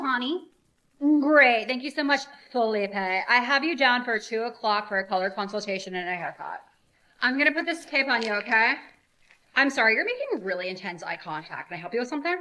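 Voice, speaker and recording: A woman's voice: fairly high pitch, big pitch swings, moderate pace, sharp tone. Woman doing a syrupy salon receptionist. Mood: sugary. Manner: syrupy, overly sweet customer-service talk. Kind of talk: comedy sketch.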